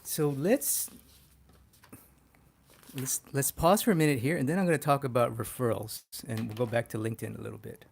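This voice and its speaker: Male art instructor on a livestream, mid pitch, excitable and profane. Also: normal speed, creaky. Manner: excitable, swears casually, laughs often. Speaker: poster artist teaching a livestream. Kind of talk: casual livestream tutorial.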